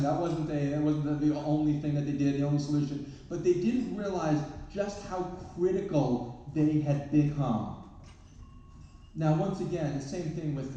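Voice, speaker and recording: Self-deprecating stories fill this live talk by a male therapist and parenting speaker, delivered with humor in a large event hall. His voice is a little high and warm; the distant mic captures echo and slight background noise.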